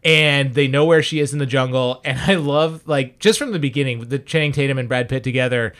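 A man's voice: mid-range voice, fairly quick, fairly bright tone. A man co-hosting a casual movie-review podcast, with a mid-range voice. He talks loosely and keeps filling his sentences with "like". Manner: chatty, laughs along, says "like" often. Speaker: podcast co-host.

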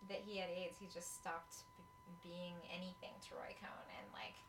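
A woman's voice: lowish voice, little pitch movement, normal speed, whispered. Chatty woman, far from the mic in an echoey room. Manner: chatty, filler-heavy, swearing. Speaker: podcast co-host. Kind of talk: casual chat.

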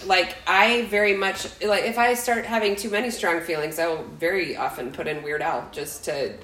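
A woman's voice: fairly low pitch, fairly even intonation, moderate pace, a bit bright, roomy sound, slight background noise, poor audio. A woman in her forties co-hosting a podcast, telling a story in a rambling, self-interrupting way with frequent laughs. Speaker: podcast co-host. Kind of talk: casual chat, storytelling.

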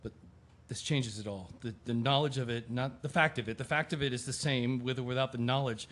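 An actor playing an ill man who talks quietly and wryly about his guilt. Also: mid-range voice, fairly quick, close to an everyday voice. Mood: subdued. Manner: quiet, subdued, self-deprecating. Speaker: Ben, the sick man. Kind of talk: audio drama acting, inner monologue.

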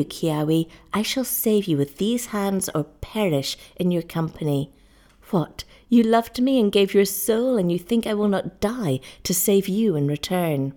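A woman's voice: mid-range voice, mellow, natural voice. A woman reading the part of a loving, devoted young island wife in an earnest, pleading voice.

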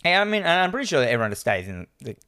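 A man's voice: fairly high pitch, very animated, racing, pushed and bright, smooth. A young man co-hosting a casual film recap, rambling loosely with lots of fillers and restarts. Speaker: podcast co-host.

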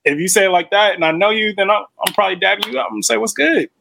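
A man's voice: high-pitched, fairly even intonation, rapid-fire, vocal fry, pushed and bright, slight background noise. Laid-back joking man on a podcast. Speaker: podcast co-host. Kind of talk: casual podcast chat.

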